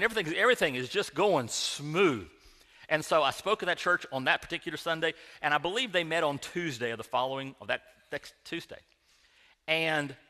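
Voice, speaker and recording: Bright-voiced preacher in a reverberant hall. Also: male voice, fairly high pitch. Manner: conversational storytelling with restarts. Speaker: pastor. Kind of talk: sermon. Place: church sanctuary.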